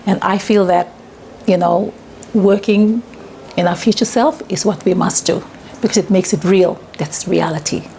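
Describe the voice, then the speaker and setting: A woman's voice: mid-range voice, normal speed, creaky, slight background noise. Earnest woman giving a heartfelt testimonial. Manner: earnest, reflective, laughs when excited. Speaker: retreat graduate interviewee. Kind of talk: testimonial interview.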